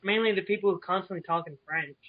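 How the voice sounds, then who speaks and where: A man's voice: high-pitched, quick pace. Chatty American man on a lo-fi call. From United States. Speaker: guest panelist. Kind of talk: casual discussion over an online call.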